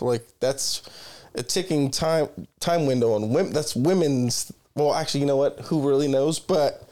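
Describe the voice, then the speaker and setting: A man's voice: medium pitch, moderate pace, few pauses, dark tone. A young man co-hosting a podcast in casual chat, rambling through stories, swearing freely and cutting himself off. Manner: rambling storyteller, swears freely, self-interrupting. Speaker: podcast co-host.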